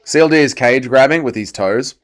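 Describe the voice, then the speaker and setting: A man's voice: medium pitch, a little fast. A young Australian man hosting a livestream, giving crude, mocking commentary on fights and answering chat. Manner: profane, mocking, reads chat aloud. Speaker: livestream host. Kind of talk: casual fight-watching commentary.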